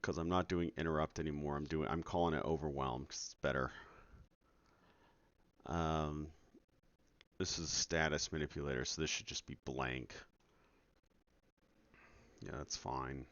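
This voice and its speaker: In this late-night home stream, a man codes his game while casually talking to viewers, exasperated, sarcastic, and swearing a lot. His voice is extremely low and fairly bright, with fairly even intonation, a measured pace, and long pauses. The sound is dull and lo-fi, with no room sound.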